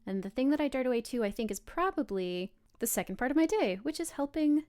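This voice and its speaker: A woman's voice: high voice, expressive, quick pace. A woman narrating her superhero's actions as a player in a tabletop game, rambling and restarting. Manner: rambling, with restarts and soft asides.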